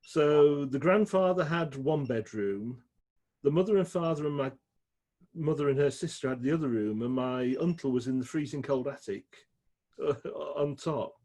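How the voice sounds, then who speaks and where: A middle-aged man with a Yorkshire accent, telling stories in a chatty, animated way as an interview guest. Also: a little high, normal speed. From England. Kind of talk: casual storytelling chat.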